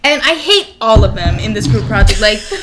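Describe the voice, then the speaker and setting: A young woman in her twenties, co-hosting a casual chat and telling stories in an animated, laughing way. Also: mid-range voice, fairly quick, music in the background. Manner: animated, laughing, acts out quotes. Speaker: podcast co-host.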